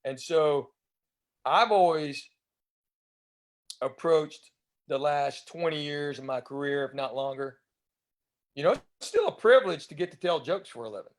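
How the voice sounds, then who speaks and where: A Southern US man in his fifties, a comedian appearing as a guest, tells rambling anecdotes in a chatty way, acting out other people's lines. His voice is a little high with lively intonation, and he speaks at a measured pace, pausing often.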